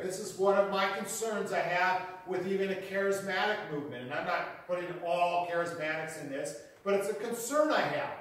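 A pastor preaching a sermon in an earnest teaching manner, repeating key phrases for emphasis. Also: male voice, sits high. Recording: very echoey hall, mic far off.

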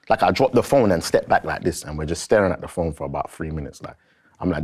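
A man's voice: low-pitched, animated, fast, darkish tone, slightly rough. A man, a rapper telling a story animatedly in a casual interview, full of fillers and acted-out quotes. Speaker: rapper and guest.

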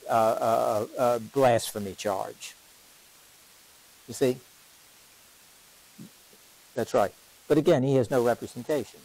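A man leading a parish Bible study as its teacher, questioning his class and repeating key lines for emphasis in an unhurried classroom lecture. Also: mid-range voice, darkish tone, poor audio. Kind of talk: lively classroom lecture on scripture.

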